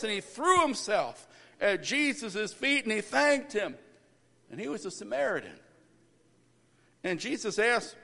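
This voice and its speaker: A man pastoring a church service, praying and preaching a sermon that builds to loud, emphatic stretches. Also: sits high, big pitch swings, unhurried, gravelly. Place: church sanctuary. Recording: reverberant church hall.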